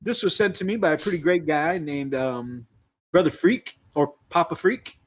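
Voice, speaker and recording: A man's voice: fairly high pitch, expressive, moderate pace, a little hiss or hum. A man co-hosting a casual hobby livestream, chatting easily and reading out viewer comments. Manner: reads out viewer comments, easygoing. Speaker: co-host reading chat.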